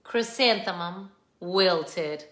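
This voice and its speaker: A woman's voice: fairly low pitch, extremely slow, a bit bright. A woman hosting a children's read-aloud, reading a picture book expressively and chatting with viewers between pages. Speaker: children's book reader, channel host. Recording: echoey room.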